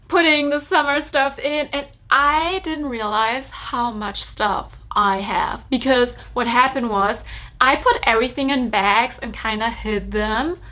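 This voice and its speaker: A woman's voice: a little high, fairly bright tone. A young woman giving a casual, emotional vlog update, chatty and full of fillers. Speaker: fashion vlogger and brand founder.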